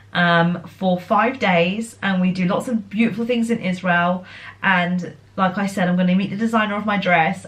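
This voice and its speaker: An excitable young woman, talking casually straight to her viewers. She is chatty, with a middle-pitched voice, and her speech is full of fillers and self-corrections. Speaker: vlogger. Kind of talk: casual chat.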